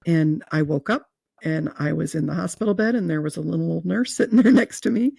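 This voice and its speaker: Earnest woman with vocal fry, dry sound. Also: low voice, a little fast, mellow, dry recording. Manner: earnest, emotional, with fillers and restarts. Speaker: guest telling her near-death experience. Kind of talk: personal storytelling in an interview.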